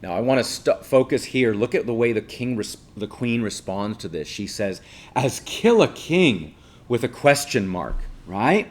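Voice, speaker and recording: A man's voice: on the low side, normal speed, few pauses. A male teacher giving a casual classroom lecture, explaining patiently and checking in with listeners by asking 'right?'.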